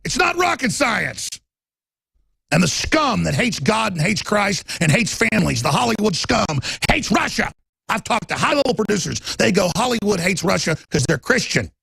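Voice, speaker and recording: A man hosting a talk show, delivering a heated, emphatic political monologue and shouting at times. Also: high voice, big pitch swings, normal speed, vocal fry, breathy edge, no echo.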